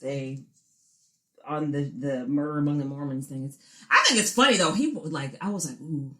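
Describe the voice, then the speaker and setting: Woman podcast co-host, swearing, reading trivia, bright voice, lively pitch. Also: moderate pace. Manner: profane, laughs often, reads trivia aloud. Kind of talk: casual chat.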